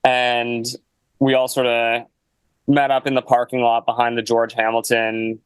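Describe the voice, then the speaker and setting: A man's voice: mid-range voice, completely flat delivery, a little slow, smooth, dry recording, rough recording. A young man, a guest musician, telling a casual story in a laid-back way, full of "like" and "you know.". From Canada.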